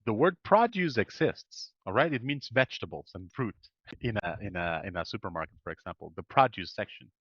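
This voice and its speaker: Patient male pronunciation coach, lively voice. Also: on the low side, a little fast, breathy edge, no room sound, highs cut off. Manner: patient, corrective, drills sounds aloud. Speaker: English pronunciation teacher. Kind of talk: one-on-one pronunciation lesson.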